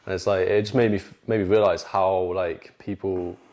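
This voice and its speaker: A man's voice: low voice, little pitch movement, normal speed, darkish tone, dull audio. A young man, a fitness coach co-hosting a casual podcast, rambling loosely with plenty of "you know what I mean".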